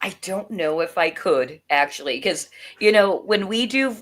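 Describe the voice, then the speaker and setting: Brash, slow-talking woman guest. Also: lowish voice, expressive. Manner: teasing, brash, laughs easily. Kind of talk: casual chat.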